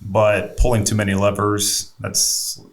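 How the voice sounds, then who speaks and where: A man talking as a podcast guest coach, explaining in a measured way. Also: lowish voice, completely flat delivery. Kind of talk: casual chat.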